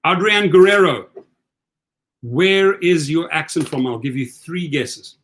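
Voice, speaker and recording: A middle-aged South African man with a fairly high, somewhat bright voice hosts a livestream chat offering advice. He coaches listeners energetically at a measured pace, often restarting and repeating his words.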